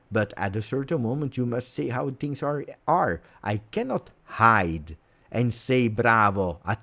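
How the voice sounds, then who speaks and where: A man with an Italian accent hosting a live football reaction, ranting angrily and repeating himself. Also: medium pitch. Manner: angry, repetitive ranting. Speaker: fan channel host.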